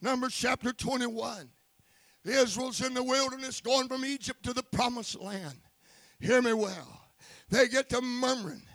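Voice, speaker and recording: A male preacher with a very high, gravelly voice and a bright, forceful edge, delivering a fervent sermon. He swings between quiet asides and shouting and calls out for amens. The sound is close and dry. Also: a little slow, no echo.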